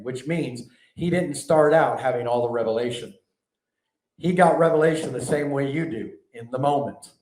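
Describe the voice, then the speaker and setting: A man preaching a sermon to a live audience, animated and conversational, often asking the room questions. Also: medium pitch. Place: large hall before a live audience. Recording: echoey hall, mic at a distance.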